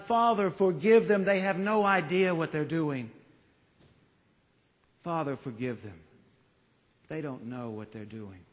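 A man preaching a sermon as pastor, slow and emphatic, with dramatic pauses and phrases that trail off softly. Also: a little high, big-room sound. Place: church.

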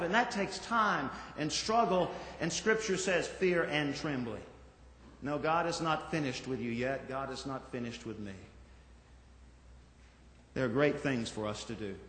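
A male pastor giving a sermon in a church, reflective and gently conversational, with small asides to the congregation. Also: high voice. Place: church sanctuary. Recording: echoey hall from far off.

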